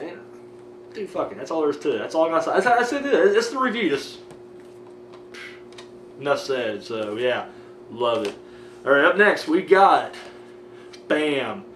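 Young dude rambling and cussing about movies, sounds a bit far from the cam, echoey room, faint hiss behind. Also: male voice, fairly high pitch, normal speed, pauses often. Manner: rambling, excitable, heavy swearing and fillers. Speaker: DVD collection vlogger. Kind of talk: casual profane movie chat. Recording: roomy audio from a camera mic set back.

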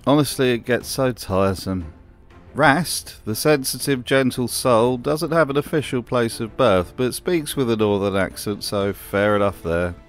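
A man's voice: mid-range voice, a little slow, faint music behind. A man narrating a scripted commentary video with a dry, sardonic manner.

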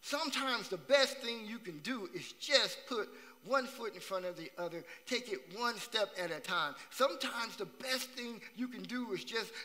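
A man's voice: high-pitched, animated, moderate pace, pushed and bright. A man preaching a sermon as pastor, repeating phrases for emphasis and asking the congregation questions. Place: church sanctuary. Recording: long church hall reverb.

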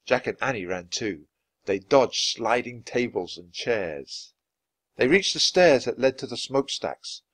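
A man reading a children's book aloud, with expressive, lively narration. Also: mid-range voice, measured pace, no room sound. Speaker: storyteller.

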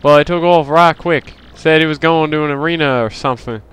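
A man's voice: a little high, brisk, fairly bright tone, clear, resonant tone, pitched above the performer's own voice, close to an everyday voice. A man doing a breezy Aussie-accented game character. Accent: put-on Australian.

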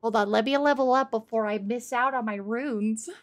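A woman streamer giving live gameplay commentary, excitable, swearing and laughing as she talks to her chat. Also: fairly high pitch, moderate pace.

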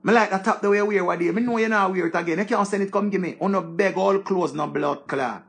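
A man with a Jamaican accent, an online commentator, speaks fast in a high voice during a casual rant to his viewers. He is heated and scolding, with plenty of swearing.

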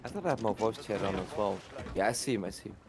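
A man giving orders to his crew during a game, excited and swearing. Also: fairly low pitch, very fast. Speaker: gaming crewmate. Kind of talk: casual gaming chat. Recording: noisy game audio behind.

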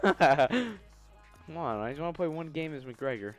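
Young guy yelling trash talk over a fighting game, kinda high voice. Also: big pitch swings, measured pace, faint music behind. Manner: trash-talking, swearing, erupts into shouts. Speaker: gaming YouTuber. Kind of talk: live gameplay commentary.

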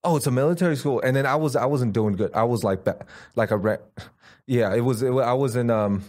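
A man's voice: medium pitch, fast. Man telling stories. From Taiwan. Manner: animated storyteller who acts out the voices of people he quotes. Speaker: guest comedian. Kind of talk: casual podcast chat.

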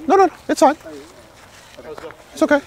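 A man's voice: very high-pitched, normal speed, a little mellow. A man playing Luigi, a cowardly plumber who rambles, jokes and panics in a comedy skit. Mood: nervous. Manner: rambling, jokey, jumpy, keeps panicking. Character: jittery cowardly adult male plumber Luigi. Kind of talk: comedy skit role-play. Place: outdoors in a village.

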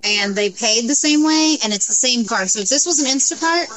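A woman's voice: fairly high pitch, animated, fairly quick, fairly bright tone, rough recording. A woman in casual workplace chat, laying out the details of what happened step by step. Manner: detailed, explanatory. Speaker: coworker.

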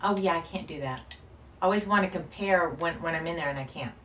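A woman's voice: fairly low pitch, fast talker, fairly bright tone, echoey room, far from the mic. A woman streaming a game live, chatting loosely with viewers in a scattered, rambling way, short on sleep. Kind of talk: casual live-stream chat while gaming.

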